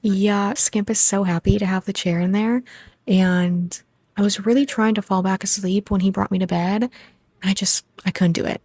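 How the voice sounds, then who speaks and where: A young woman chats to her viewers in a casual home vlog, excitable and talkative. Her voice is mellow and warm, with no bright edge. It is recorded close on a phone in a small, dry room. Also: medium pitch, normal speed, husky, no echo. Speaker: vlogger.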